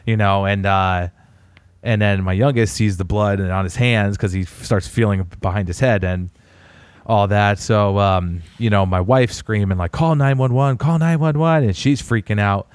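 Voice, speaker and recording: A man in his thirties, co-hosting a podcast, telling a family story in a casual, animated way. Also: normal speed, clean tone, dry recording. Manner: animated storyteller, puts on high voices when quoting a child. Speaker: podcast co-host.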